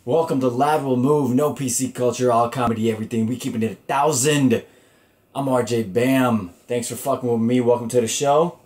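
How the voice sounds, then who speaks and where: A man's voice: mid-range voice, fairly even intonation, brisk, darkish tone. A man hosting his own comedy podcast alone, talking loosely and profanely with lots of fillers and restarts. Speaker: podcast host. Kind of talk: casual solo podcast talk.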